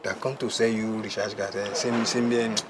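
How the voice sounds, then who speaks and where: A man's voice: fairly low pitch, little pitch movement, brisk, crowd noise, natural voice. An actor with a Nigerian accent playing a wealthy, flirtatious boss who mixes Yoruba and English and orders his staff around. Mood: scheming. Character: flirtatious rich middle-aged boss man.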